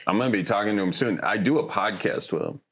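A man's voice: fairly low pitch, expressive, quick pace, creaky, a bit bright, slightly rough. A man co-hosting a podcast in casual chat, joking and teasing. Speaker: podcast co-host.

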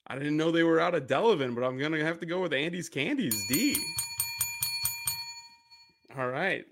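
A relaxed man from Wisconsin is a guest on a casual radio quiz. He answers in a measured, easygoing way and sometimes trips over his first words. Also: on the high side, music in the background. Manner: relaxed, measured, stumbling restarts.

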